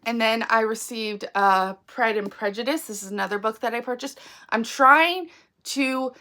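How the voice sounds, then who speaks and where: A woman's voice: on the high side, moderate pace, pushed and bright. A woman chatting casually about her book haul, sick with a froggy voice and full of ums and likes. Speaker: book vlogger.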